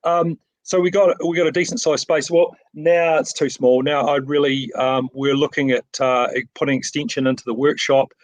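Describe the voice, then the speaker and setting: A middle-aged man with a New Zealand accent, talking about his work in a relaxed, rambling way with plenty of ums and restarts. His voice sits at an ordinary middle pitch. The sound is dry and close, as on a video call. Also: normal speed, hardly any pauses, no room sound, poor audio. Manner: modest, rambling, many fillers and restarts. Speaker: framing shop owner. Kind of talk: casual interview.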